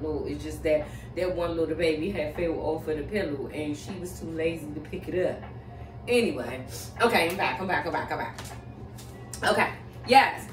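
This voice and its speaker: Woman tarot reader, dramatic and rambling; distant mic in an echoey room, faint music underneath. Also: lowish voice. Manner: dramatic, rambling asides, exclamations. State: shaken, catching her breath. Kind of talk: casual spoken tarot reading. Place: home room.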